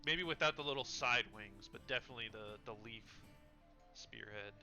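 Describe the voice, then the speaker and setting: A man playing in a tabletop game, chatting casually in a slow, laid-back, joking way. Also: mid-range voice, pushed and bright, faint music behind. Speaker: player. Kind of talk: casual chat.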